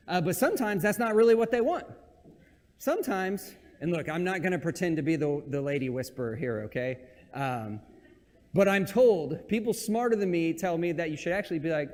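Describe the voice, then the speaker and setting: A man with a fairly high voice preaches a relaxed, conversational sermon and jokes at his own expense. His voice rings out with a long reverb that trails through a church sanctuary. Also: fairly quick. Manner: casual, joking, self-deprecating.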